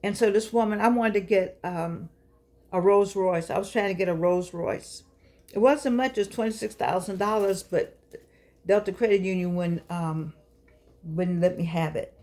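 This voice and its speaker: A woman's voice: mid-range voice, normal speed, warm tone. An older woman hosting her own show, talking to her audience in a fussing, encouraging, preachy way. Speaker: show host. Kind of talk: casual talk to camera.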